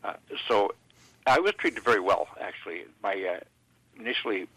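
A man from Canada, a guest in an interview, speaking haltingly with many fillers and restarts. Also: lowish voice, lively intonation, sharp tone, breathy edge, poor audio.

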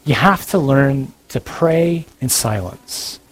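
A man's voice: medium pitch, lively intonation, slow. A man giving a sermon-style talk, speaking in an earnest, direct and conversational way. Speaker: preacher.

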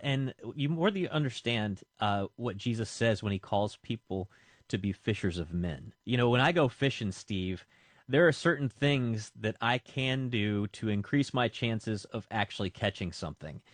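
A man hosting a radio interview in a relaxed, halting way, with plenty of fillers. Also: lowish voice, no room sound. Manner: casual, halting, many fillers. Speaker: radio host. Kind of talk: conversational interview.

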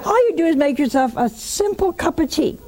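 An older woman hosting a religious call-in show, preaching emphatically, mocking at times and dropping to a hush. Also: high-pitched, animated, brisk. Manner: emphatic, scolding, mocking then hushed.

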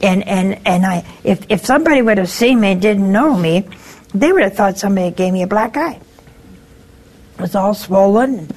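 A woman's voice: mid-range voice, animated, normal speed, darkish tone. A woman, a nun, hosting a call-in show, talking casually and telling folksy stories about forgiveness. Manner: folksy storyteller, acts out voices in anecdotes. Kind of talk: casual spiritual talk to callers.

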